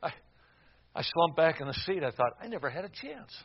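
A high-pitched older man preaches to a congregation, spinning a personal story with sudden loud bursts and quiet, hushed stretches. He stumbles over repeated words now and then. The recording sounds slightly dull and muffled. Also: very animated, fairly quick, noisy background. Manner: storytelling, dramatic swings from shouting to hushed.

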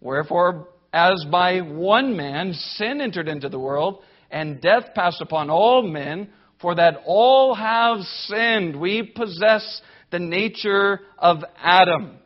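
High-voiced, slow, deliberate male preacher. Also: expressive, highs cut off. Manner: emphatic, deliberate preaching with rhetorical lists. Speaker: pastor. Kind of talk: sermon.

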